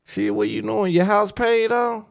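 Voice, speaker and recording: A man doing a high, eager smooth-talker. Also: steady tone, measured pace, heavily acted. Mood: sweet-talking. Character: slick man sweet-talking an ex-girlfriend on the phone.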